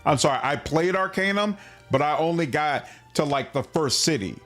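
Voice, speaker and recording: A man's voice: a little high, moderate pace, soft background music. Laid-back male game streamer. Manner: relaxed, chatty, answers chat. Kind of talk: casual gameplay livestream commentary.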